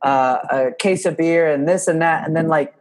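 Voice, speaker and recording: A young man with a somewhat high voice chats casually on a podcast. He tells stories with animated energy, swears freely and laughs often. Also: moderate pace. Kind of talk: casual chat.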